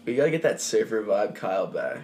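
A man's voice: fairly low pitch, a little fast. Laid-back joking podcast man. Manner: relaxed, joking, laughs often. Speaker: podcast co-host. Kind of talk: casual podcast chat.

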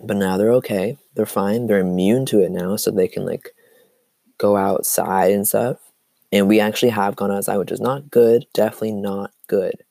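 A teenage boy with a cough hosts his own podcast, his voice cracking now and then. He rambles along with plenty of "like" and "um". His tone is low and mellow, recorded dry and close. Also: fairly even intonation, moderate pace, vocal fry, no room sound. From Seattle area. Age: teens. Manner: rambling, full of "like" and "um". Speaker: podcast host. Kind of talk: casual solo podcast chat.

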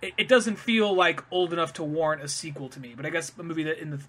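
A man's voice: on the high side, fast, fairly bright tone. A man co-hosting a podcast in casual chat, loose and rambling as he retells scenes. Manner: loose, rambling, trails off and restarts. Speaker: podcast co-host.

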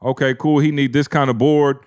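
A man's voice: mid-range voice, level tone, brisk, darkish tone, smooth. A man in his thirties, a podcast co-host, telling a family story in casual slang and acting out the quotes.

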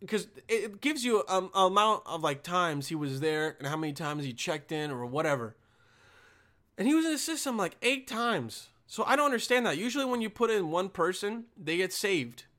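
A man's voice: high-pitched, fairly bright tone. A young man who works a motel front desk, telling a rambling, sarcastic work story full of swearing. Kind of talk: casual profane storytelling rant.

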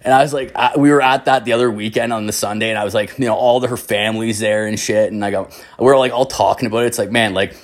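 A man's voice: lowish voice, fairly even intonation, fast, hardly any pauses. Rambling, profane young man. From Canada. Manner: rambling, profane, heavy on filler words. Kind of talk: casual storytelling.

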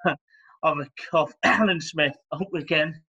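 A young man talks football over a laptop call, and the audio comes through dull and lo-fi. His voice is bright and slightly high. He speaks haltingly, restarting sentences and laughing at his own slips. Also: slightly rough. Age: young adult. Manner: hesitant, stumbling, laughs at himself. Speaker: podcast co-host. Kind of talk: casual football podcast chat. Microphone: laptop on a video call.

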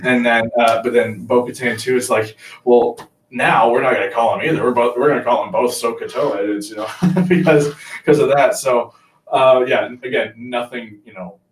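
A man co-hosting a podcast, telling stories in an easygoing way with chuckling asides. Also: medium pitch. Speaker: podcast co-host. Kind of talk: casual fan chat. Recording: roomy, distant from mic.

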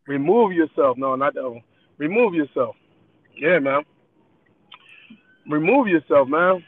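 High-voiced man telling a story over a tinny line. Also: animated, unhurried. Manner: loose, laughing, rambling. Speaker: podcast co-host. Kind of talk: casual storytelling chat.

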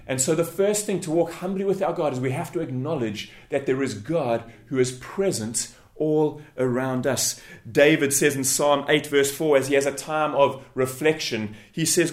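A man's voice: medium pitch, normal speed, echoey room. A male pastor preaching a sermon in an earnest way, often repeating words and using fillers.

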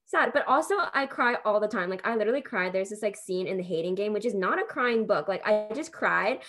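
A woman's voice: medium pitch, expressive, fast, a bit bright. A young woman leading a casual book club chat, rambling and dramatic, with many restarts.

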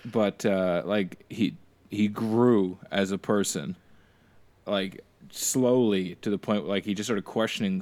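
A man's voice: fairly low pitch, a little slow, a little mellow. A man co-hosting a casual chat show, rambling with frequent fillers and casual swearing. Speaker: podcast co-host.

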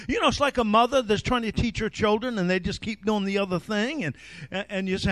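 A male pastor preaching an animated sermon that rises to shouts. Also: high voice, moderate pace, no room sound.

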